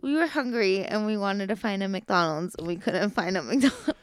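A woman's voice: medium pitch, animated, normal speed, clear, resonant tone, no room sound. Young woman cohost, teasing and laughy, bouncy voice, dry room. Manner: laughing, teasing, pushes to move on. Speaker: podcast co-host. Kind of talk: casual podcast banter.

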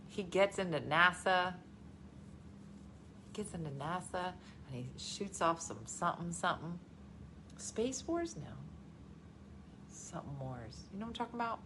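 A woman in her forties chatting casually as co-host, animated and acting out her own reactions. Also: on the low side, noisy background. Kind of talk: casual chat.

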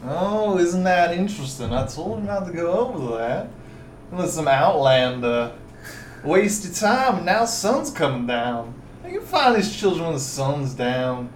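A man's voice: on the high side, very animated, a little slow, echoey room, a little hiss or hum. A man voicing a drunk, sleazy male town magistrate who drawls and slurs his words. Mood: smug. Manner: slurred, boastful drawl.

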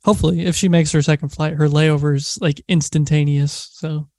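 A man's voice: a little high, flat delivery, brisk, a little mellow, no echo, studio quality. A man co-hosting a podcast, chatting casually with a sarcastic edge. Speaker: podcast co-host. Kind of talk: casual chat.

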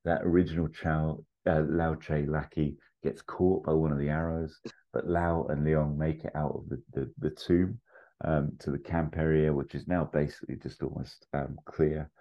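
A man hosting a podcast, casually pitching an adventure story with fillers, asides and chuckles. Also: flat delivery, normal speed. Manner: rambling, full of fillers and asides, chuckles at own jokes. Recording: slightly muffled lo-fi audio.

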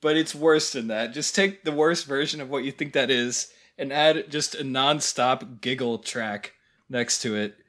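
A man with an ordinary mid-range voice, co-hosting a film podcast. He delivers dry, deadpan jokes and trails into hesitant restarts as he gathers his thoughts. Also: medium pitch, a little slow. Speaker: podcast co-host. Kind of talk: casual film review chat.

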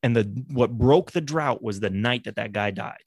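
Man, casual comedic chat, jokey storyteller, quick voices, middle pitch, dry close sound. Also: no echo.

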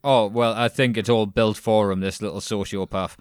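A man's voice: fairly low pitch, fairly even intonation, moderate pace, smooth, no room sound, studio quality. Blunt, sweary man on a podcast. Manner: blunt, sweary, laughs mid-sentence. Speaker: podcast co-host. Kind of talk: casual chat reviewing a documentary.

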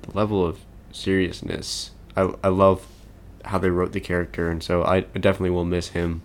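A man's voice: low-pitched, clean tone. A man hosting a podcast, talking casually and enthusiastically with frequent chuckles and fillers. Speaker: podcast host. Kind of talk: casual chat.

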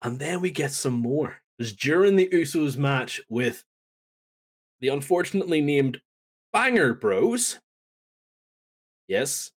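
A man on a podcast casually recapping a wrestling show, telling it as a lively story and acting out the lines. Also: medium pitch. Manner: animated storytelling, acts out quotes. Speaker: podcast co-host.

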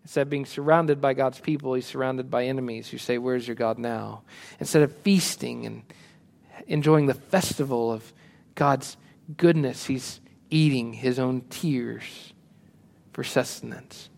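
A male pastor preaching a sermon, rising to emphatic lines and dropping to soft, quiet asides. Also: medium pitch, unhurried, gravelly.

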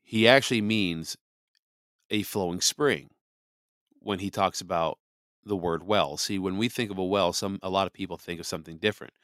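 A podcast host walks through scripture in a loose, conversational commentary, leaning on "you know" as he goes. His voice sits on the low side for a man and sounds dry and close, with no room around it. He hits his points with a preacher's emphasis. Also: moderate pace, fairly bright tone, no room sound. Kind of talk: casual Bible commentary.

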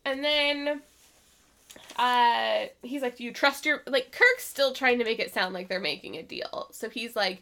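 High, bright-voiced woman recapping casually. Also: a little slow. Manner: laughing, animated retelling with quoted voices. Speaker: podcast co-host.

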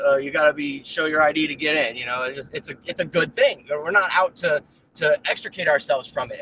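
Rambling man on a remote call, bright tone, slight hiss behind. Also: fairly high pitch, poor audio. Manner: rambling, animated, many fillers and restarts; puts on mocking voices when quoting. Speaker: guest on a live stream. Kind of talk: casual chat, ranting. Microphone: own mic on a remote call.

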